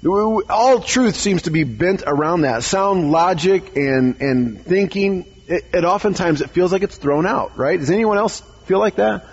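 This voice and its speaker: A man's voice: high voice, animated, moderate pace, breathy edge, muffled recording. A man, a pastor, giving a conversational sermon in church, often stumbling over words and asking "right?".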